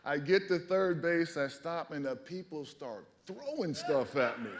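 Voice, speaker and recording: A man's voice: a little high, normal speed, hardly any pauses. A man in his fifties, a former ballplayer, telling stories at a library event, acting out his reactions and laughing as he talks. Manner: animated storyteller, laughs often, acts out his own reactions. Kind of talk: storytelling talk at a library event. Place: public library event hall.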